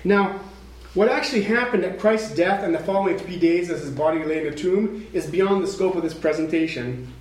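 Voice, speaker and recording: A man preaching a sermon in a dramatic way, dropping to a hush and then rising toward a shout. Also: high-pitched, a little fast, roomy sound, low-quality recording. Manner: dramatic, swings from hushed to shouting.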